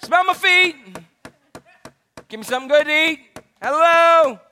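A man's voice: very high voice, a little slow, pushed and bright, voice pushed up, exaggerated voice. A man voicing a cheeky trick-or-treater who chants a rhyme at the door in a singsong. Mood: chanting.

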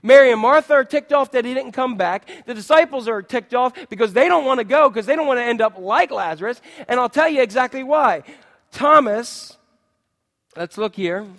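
High voiced pastor guy preaching, lively, lots of questions to the crowd, long echo in a big hall. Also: moderate pace. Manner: animated, acts out quotes and asks the congregation questions. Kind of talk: sermon.

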